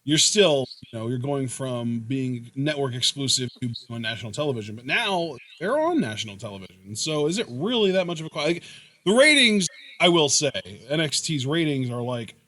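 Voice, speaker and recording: A man's voice: mid-range voice, expressive, fairly quick, bright, forceful tone. A young man hosting a podcast in casual chat, rambling through long questions. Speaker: podcast host.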